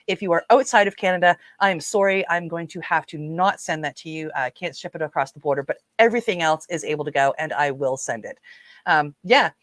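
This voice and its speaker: A woman hosting a casual livestream speaks with a Newfoundland accent in a fairly low, fairly bright voice, with no echo. She talks with her viewers, reads their comments out loud, and fills her speech with fillers.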